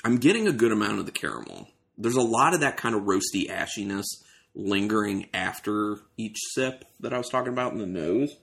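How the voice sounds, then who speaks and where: A man's voice: lowish voice, animated, fairly quick, gravelly, a bit bright. A man hosting a casual beer tasting, describing aroma and flavor as he thinks aloud. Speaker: beer reviewer host.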